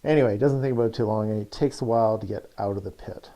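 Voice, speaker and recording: Low, mellow-voiced male storyteller. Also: rapid-fire. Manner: loose and chatty, many fillers. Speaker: coach. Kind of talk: casual storytelling.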